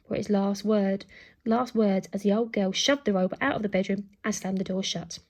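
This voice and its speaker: A teacher, a woman, reading a children's book aloud with lively storytelling and acted sound effects. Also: mid-range voice, normal speed, husky.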